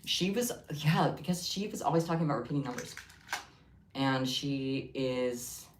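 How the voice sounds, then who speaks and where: A woman with a very low voice chats casually on a livestream, rambling from one thought to the next with jokey asides. Her voice sounds distant in an echoey room with a faint hiss behind it. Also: lively intonation, normal speed. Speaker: livestream host.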